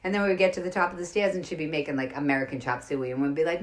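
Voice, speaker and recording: A woman's voice: low voice, lively intonation, racing, few pauses. Chatty Boston woman telling stories. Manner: chatty, rambling, greets viewers by name mid-story. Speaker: comedian hosting a livestream. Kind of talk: casual stand-up storytelling to live viewers. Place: home during lockdown.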